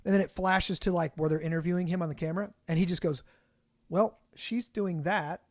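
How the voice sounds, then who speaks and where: Higher-voiced man, rambling casual chat. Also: fairly even intonation, rapid-fire, no echo. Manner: rambling, many restarts and fillers, laughs often. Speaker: podcast co-host.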